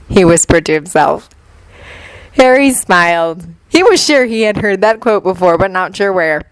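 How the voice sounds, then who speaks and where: A woman reading a fan fiction story aloud in a steady, even audiobook narration. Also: mid-range voice, moderate pace, smooth, no room sound, rough recording.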